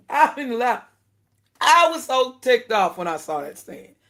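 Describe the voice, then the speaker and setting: A woman giving casual spoken commentary to her viewers, indignant and animated, laughing between her points. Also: on the high side, slow. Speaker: video commentator.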